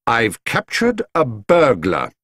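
A man's voice: medium pitch, wildly swooping pitch, slow pace, fairly bright tone, dry recording, clean studio sound, voice pushed up, full character voice. A man voicing a polite, earnest young bear who patiently explains himself in a storybook reading.

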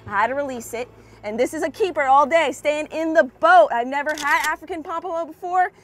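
A young woman vlogging from a fishing boat outdoors, chatting casually and bursting into excited shouts. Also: high voice, fairly quick, soft background music. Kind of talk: casual vlog commentary.

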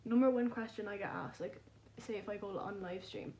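A woman's voice: medium pitch, fairly quick, darkish tone, slight background noise. Chatty young woman vlogging at home. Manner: chatty, rambling, self-deprecating. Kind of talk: casual vlog chat. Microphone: phone camera.

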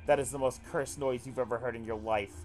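A man's voice: medium pitch, fairly even intonation, fairly quick, darkish tone, faint music behind. A man streaming a visual novel, reading the text aloud and reacting with frequent swearing. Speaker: let's play streamer.

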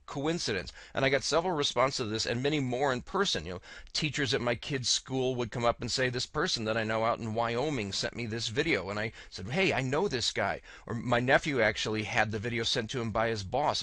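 Wry, bright-voiced male narrator. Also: medium pitch, no echo, clean studio sound. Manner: wry, deadpan storyteller reading out comments. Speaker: video creator narrating his own story. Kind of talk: casual narrated video diary.

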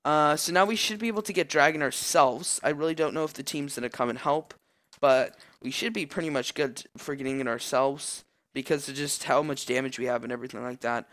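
Excitable young man narrating his gameplay. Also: on the high side, a little fast. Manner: excitable, yelling at big plays, many fillers. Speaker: gameplay commentator. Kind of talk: live gameplay commentary.

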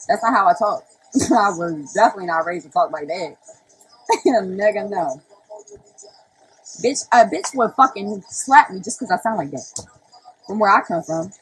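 A woman's voice: mid-range voice, lively intonation, normal speed, long pauses, husky, rough recording. A young woman ranting casually on a phone livestream, brash and profane, often breaking into laughter.

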